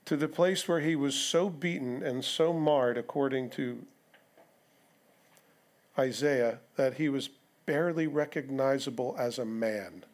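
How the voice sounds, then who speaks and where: The congregation in a church sanctuary hears a male pastor give an expository sermon at a measured pace in a mid-range voice. He talks conversationally, mixing in rhetorical questions and asides to the room.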